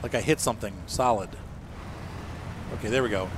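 A man's voice: on the low side, a little fast, background noise. A man streaming a truck game with a friend, joking and thinking aloud as he drives. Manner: animated and joking, thinking aloud while driving. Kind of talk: casual gameplay chat.

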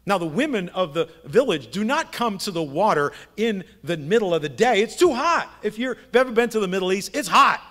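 A man's voice: high-pitched, sing-song, brisk, hardly any pauses, pushed and bright. A middle-aged man, a pastor, preaching a sermon in a conversational storytelling way, asking his listeners rhetorical questions. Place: church sanctuary.

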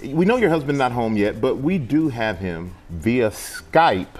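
A man hosting a live morning TV show and narrating a report, upbeat and animated. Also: mid-range voice, a little slow. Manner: upbeat, animated, often laughing. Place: TV studio with live audience. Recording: studio with audience and music bed.

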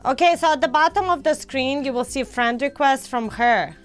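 High-voiced woman with a scratchy throat. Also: normal speed, soft background music. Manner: excitable, squealing exclamations. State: scratchy throat, coming down with a cold. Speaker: gaming channel host. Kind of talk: casual let's-play chat.

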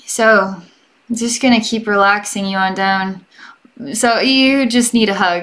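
A young adult woman giving a gentle, chatty energy healing session as a psychic, rambling and often checking in with the listener. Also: a little high, a little slow, creaky. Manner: gentle and reassuring toward the listener. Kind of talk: relaxed guided healing session.

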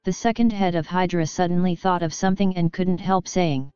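Woman audiobook narrator, steady and even; low, crisp, dry voice. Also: a little fast, few pauses, dry recording. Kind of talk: audiobook narration of a web novel. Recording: dull lo-fi audio with faint music.

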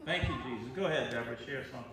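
A man pastor telling stories in a sermon, excitable and building up to shouts. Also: mid-range voice, racing, crowd noise. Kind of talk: storytelling sermon. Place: church. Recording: echoey sanctuary from far off, faint noise.

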